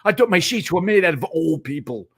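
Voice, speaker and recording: A man's voice: fairly high pitch, very animated, brisk, fairly bright tone, breathy edge, no room sound. A man hosting a casual live panel chat, joking crudely and swearing a lot.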